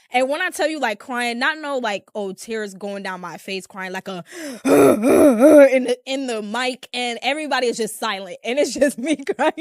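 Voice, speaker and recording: A woman's voice: a little high, dry recording, studio quality. A young woman hosting a podcast, telling stories in a casual, rambling way with lots of fillers. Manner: chatty, rambling, heavy use of filler "like". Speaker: podcast host. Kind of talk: casual storytelling chat. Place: room with a small live audience.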